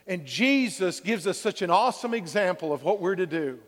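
A male pastor with a high-pitched, lively, slightly bright voice preaches at normal speed, with a long reverb tail. He calls out "Amen?" to the congregation in call-and-response and acts out everyday quotes.

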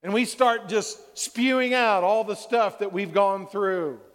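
Speaking as a pastor, a high-voiced man gives a sermon at a measured, unhurried pace, his words trailing into the long reverb of a church hall. He brings the congregation in with call-and-response "Amen?" and acts out what people say.

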